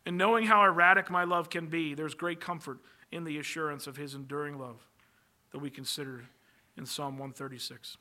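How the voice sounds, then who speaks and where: A man's voice: a little high, steady tone, fairly quick, bright, forceful tone. A man preaching a sermon from the pulpit, earnest and emphatic, building long lists as his energy rises. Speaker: pastor.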